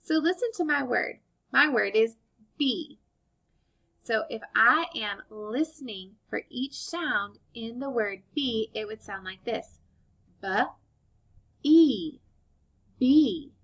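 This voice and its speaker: A woman with a somewhat high, gravelly voice teaches young children to hear the sounds in words. She speaks very slowly, stretching out each sound and encouraging her listeners. The recording is dull and lo-fi. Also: bright, forceful tone. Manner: slow, clear sound-by-sound modeling, encouraging. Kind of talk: phonics lesson for young children.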